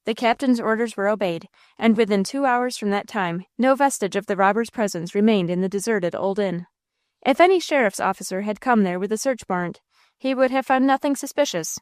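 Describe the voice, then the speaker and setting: A woman's voice: medium pitch, brisk, no echo. Woman narrating an audiobook, dry and close.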